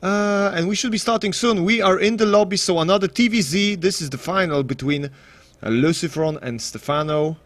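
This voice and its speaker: A man's voice: high voice, brisk, few pauses. A man casting an esports match on his live stream, rambling and self-deprecating with frequent restarts. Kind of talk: casual live stream commentary.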